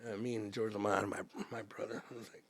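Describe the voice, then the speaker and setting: A man guesting on a podcast, telling animated stories and acting out the people in them. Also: fairly low pitch, fast, gravelly. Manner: animated storyteller, acts out quoted voices. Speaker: podcast guest, house music MC. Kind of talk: casual storytelling chat.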